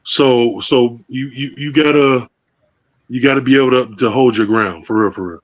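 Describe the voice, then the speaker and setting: A man's voice: mid-range voice, steady tone. Brief: man in a casual interview, stumbling restarts, everyday slang. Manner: halting, repeats words, casual slang. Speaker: director.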